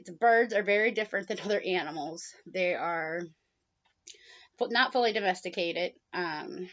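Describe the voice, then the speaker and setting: Woman vlogger, middle-aged, casual storytelling with fillers, slightly dull home-video audio. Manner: chatty, with frequent "um"s and soft laughs; high baby-talk voice when coaxing the bird. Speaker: vlogger, pet bird owner.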